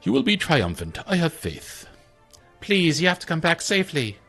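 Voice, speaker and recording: A man's voice: fairly high pitch, very animated, moderate pace, vocal fry, fairly bright tone, slightly rough, soft background music, voice pushed up, full character voice. A man voicing eager young game allies with a raised, pleading, cheering delivery. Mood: encouraging.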